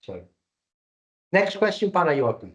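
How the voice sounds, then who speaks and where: A man's voice: a little high, big pitch swings, unhurried, a bit bright. A man from Cyprus and Britain presenting a live webinar over a video call, jokey and salesman-like. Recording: dull lo-fi webinar audio.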